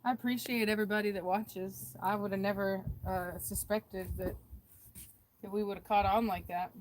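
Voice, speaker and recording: A woman's voice: mid-range voice, fairly even intonation, moderate pace. A woman hosting her channel, chatting in an easygoing way outdoors in a rural yard. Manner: warm, easygoing, talks to dogs in a coaxing voice. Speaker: channel host. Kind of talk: casual chat. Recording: noisy outdoor phone audio. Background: outdoor noise.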